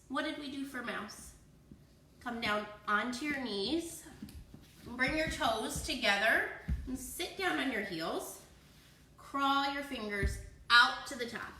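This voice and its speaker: A woman's voice: a little high, sharp tone, slight background noise. A woman teaching a children's yoga class, playfully encouraging and cueing poses and breaths, with animal sounds. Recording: echoey room.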